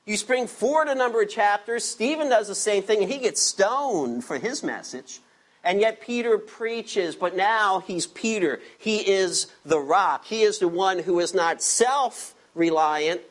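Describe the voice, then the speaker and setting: A man preaching an expository sermon, emphatic and dropping his voice low on key words. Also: expressive, measured pace. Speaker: pastor.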